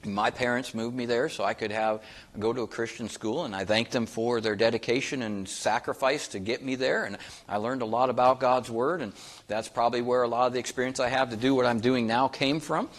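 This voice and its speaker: A middle-aged man from North Dakota preaching a sermon, folksy and conversational, with an everyday mid-range voice. He swings from quiet asides up to loud, emphatic questions for the congregation. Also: medium pitch, fairly even intonation, fairly quick. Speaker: pastor.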